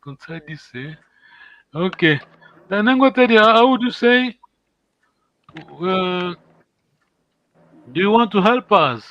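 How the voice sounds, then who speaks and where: A man leads a language class over a video call in a slightly high voice, praising students and slowly modelling words. The call audio sounds dull and lo-fi. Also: animated, no echo. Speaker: language teacher. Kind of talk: online language lesson.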